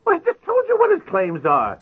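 An actor playing a flustered, anxious homeowner who stammers and gets exasperated, in 1950s radio acting style. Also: male voice, sits high, huge pitch swings, fairly quick, husky, exaggerated voice. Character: flustered anxious male homeowner, middle-aged. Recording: tinny old radio broadcast recording.

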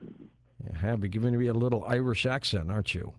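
A man hosting a late-night radio talk show, chatty and relaxed, with lots of filler words. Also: medium pitch, brisk, no room sound. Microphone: studio microphone.

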